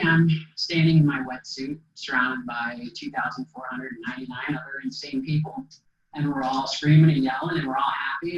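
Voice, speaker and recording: Man, motivational keynote speaker, lively storytelling, bright forceful voice, echoey hall, mic from a distance, slightly dull sound. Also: fairly high pitch. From Minnesota. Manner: animated storyteller, acts out dialogue. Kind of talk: inspirational keynote speech. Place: presentation hall.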